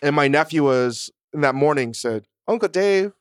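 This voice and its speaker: Smooth-voiced man, blunt and profane. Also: medium pitch, fairly even intonation, moderate pace, dry recording, clean studio sound. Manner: blunt, profane, self-mocking. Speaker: podcast co-host. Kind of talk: casual chat.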